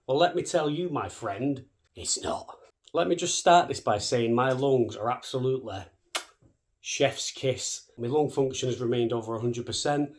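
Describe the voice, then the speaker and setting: A man, chatting straight to camera at a quick clip. He is cheeky and sweary, with a middle-range voice. He keeps a joking, casual tone throughout. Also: medium pitch. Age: 30s. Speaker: vlogger.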